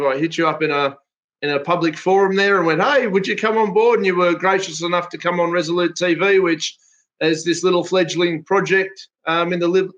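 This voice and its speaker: A man with an Australian accent hosting a casual interview, friendly and halting with many fillers. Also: a little high, fairly bright tone, dull audio. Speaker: podcast host.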